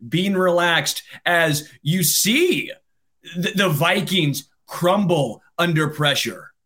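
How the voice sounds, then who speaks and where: Emphatic, teasing podcast co-host. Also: male voice, on the high side, animated, takes it slowly, sharp tone. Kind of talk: casual sports podcast chat.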